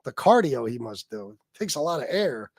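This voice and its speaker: A man's voice: mid-range voice, very animated, normal speed, breathy edge, no echo, clean studio sound. A man hosting a casual livestream, profane and mocking, reading donations and trading jabs with viewers. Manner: profane, mocking, laid-back between rants. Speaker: livestream host.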